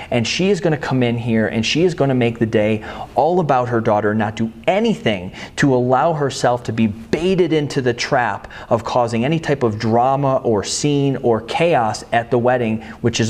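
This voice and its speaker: Male podcast host, mid-range voice, measured interviewer delivery, music underneath. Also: medium pitch, darkish tone. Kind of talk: interviewer, scripted intro and recap.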